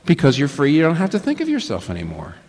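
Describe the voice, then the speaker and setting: Male preacher, sermon, emphatic, rhetorical questions, very expressive pitch, long hall reverb. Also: quick pace. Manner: emphatic, rhetorical questions, answers them himself. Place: large church hall with a live congregation.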